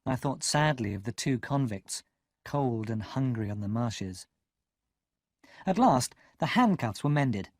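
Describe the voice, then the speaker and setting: A man narrating an audiobook in an expressive storytelling manner. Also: medium pitch, measured pace, dry recording, clean studio sound. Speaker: audiobook reader.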